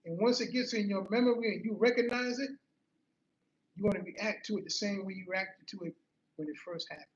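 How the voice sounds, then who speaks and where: A man's voice: high voice, fairly quick. A man giving an earnest personal motivational talk, telling a story and repeating key phrases for emphasis. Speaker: motivational speaker. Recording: roomy, slightly muffled.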